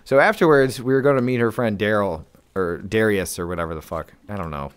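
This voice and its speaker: A man's voice: on the low side, brisk, smooth. A man from upstate New York, co-hosting a podcast, tells a rambling story in casual chat with lots of fillers and swearing. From Lewiston, New York. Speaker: podcast co-host.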